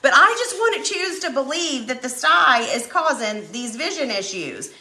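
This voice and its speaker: A woman chatting casually on a live stream while she paints, telling a dramatic, animated story. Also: high-pitched, normal speed, roomy sound. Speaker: craft channel host.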